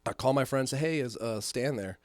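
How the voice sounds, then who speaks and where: A man's voice: mid-range voice, fairly quick, dry recording. A man telling a long story in casual chat as a podcast co-host, swearing often and acting out the voices of the people in it. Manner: animated storyteller, heavy swearing, acts out voices.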